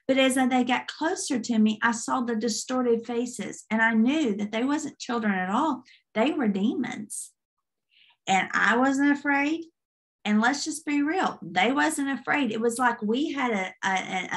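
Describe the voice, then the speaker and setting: A woman's voice: a little high, fairly bright tone. A woman minister giving an earnest testimony, retelling a dream vividly in a sermon. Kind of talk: sermon storytelling.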